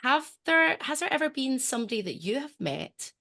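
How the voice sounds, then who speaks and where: A woman's voice: high voice, big pitch swings, moderate pace, creaky, pushed and bright. A woman podcast host from Scotland with a mild Scottish accent, chatty and self-mocking. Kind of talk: casual podcast chat.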